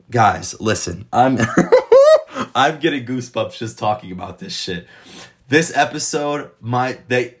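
A man casually reviewing a TV episode, retelling scenes in an excited, rambling way full of swearing. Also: medium pitch. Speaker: TV show reviewer.

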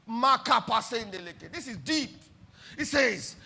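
Fervent pastor with a very high, bright voice. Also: male voice, expressive, moderate pace. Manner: fervent, leads congregation in call-and-response, bursts into shouts. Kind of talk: sermon. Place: church.

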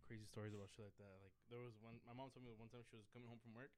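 A man's voice: mid-range voice, little pitch movement, very fast, darkish tone. A young man co-hosting a podcast, chatting casually, rambling with many fillers as he tells a story. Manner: rambling, full of fillers, laughs easily. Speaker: podcast co-host. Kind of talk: casual chat.

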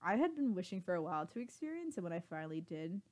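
A woman's voice: fairly low pitch, sing-song, fast talker, a little mellow. Rambling young woman, podcast banter. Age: 20s. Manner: rambling, laughs often, self-deprecating. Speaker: podcast co-host. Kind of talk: casual chat.

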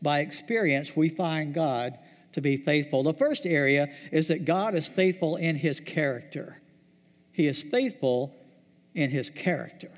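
Male pastor, higher-pitched voice, storytelling sermon with slow emphatic drops; reverberant sanctuary.

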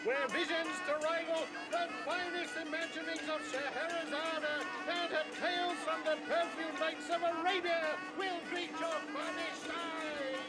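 A man's voice: very high voice, fairly even intonation, unhurried, few pauses. An actor playing a flamboyant showman barker who welcomes guests in a florid, theatrical announcing manner, heard as a film clip. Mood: grandiose welcome. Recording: film clip over loud music and crowd.

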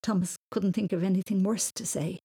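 A woman reading a children's story aloud in a gentle storytelling manner. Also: medium pitch, fairly even intonation, a little fast, slightly rough.

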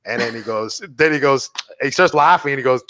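A man's voice: mid-range voice, fairly quick, no room sound, studio quality. A man co-hosting a casual podcast, retelling comedy bits with lots of swearing and restarts. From Montreal, Canada. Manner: animated storyteller, swearing, many restarts. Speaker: podcast co-host.

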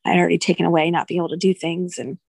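A woman in her thirties speaks with a low, husky voice with a gravelly edge. She recounts her experience in an emotional, halting way, restarting her sentences. The sound is close and dry. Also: level tone, a little mellow, no room sound. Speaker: podcast guest, doula. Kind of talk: candid personal storytelling.

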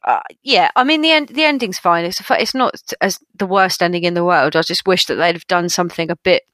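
A woman co-hosting a podcast, chatting about a film in an animated way, full of fillers like "you know" and "like". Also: fairly low pitch, quick pace, dry recording. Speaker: podcast co-host. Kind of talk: casual film discussion.

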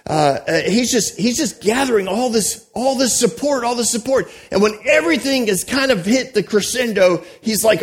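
A pastor delivering a sermon, telling a story with animated asides to the congregation and frequent restarts. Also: male voice, extremely high pitch, moderate pace, hardly any pauses.

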